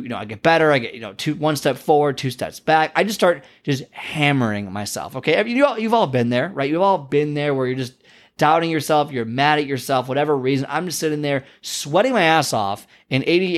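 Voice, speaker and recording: A man's voice: a little high, expressive, a little fast. A man hosting his own podcast, telling a story in a rambling, chatty way full of fillers and self-deprecating asides. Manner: rambling and chatty, heavy with "like" and "you know". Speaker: podcast host. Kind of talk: casual solo podcast monologue.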